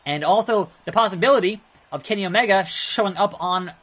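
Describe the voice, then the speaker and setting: Male let's play host, casual and reactive, slightly high pitch. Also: brisk. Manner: chatty, reacts loudly to the game. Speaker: gaming video host.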